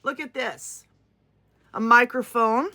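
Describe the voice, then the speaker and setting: A woman's voice: a little high, fairly even intonation, takes it slowly, bright, forceful tone. A woman with a Southern US accent, gushing and exclaiming as she unboxes crafting goods in a casual vlog. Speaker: crafting vlogger. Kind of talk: excited unboxing chat.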